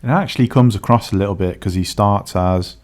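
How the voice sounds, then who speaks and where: A man, co-hosting a book review in casual chat, relaxed and agreeable with frequent yeahs. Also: fairly low pitch, fast.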